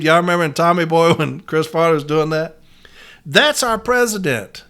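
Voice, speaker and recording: A man's voice: on the high side, pushed and bright. A man hosting his own podcast, ranting angrily and cursing freely, talking as a union letter carrier. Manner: angry, profane, emphatic. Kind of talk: heated solo podcast rant.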